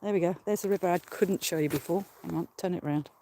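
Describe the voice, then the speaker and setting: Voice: mid-range voice, fast, dark tone. A host chatting casually and rambling while walking outdoors on a hill, out of breath, laughing often, talking into a handheld phone. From Australia. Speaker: host of a live stream. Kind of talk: casual live-stream chat while walking. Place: outdoors on a hill by a ruined castle.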